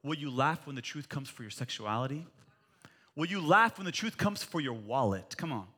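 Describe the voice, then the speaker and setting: A man in his forties preaching a sermon in church, animated and jokey, rising to loud emphatic peaks. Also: mid-range voice, moderate pace, breathy edge. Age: 40s. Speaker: pastor.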